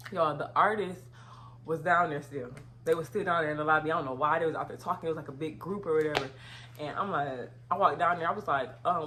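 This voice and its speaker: Young woman, casual storytime vlog, lowish voice, breaks into loud outraged retellings. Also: slight background noise. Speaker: vlogger.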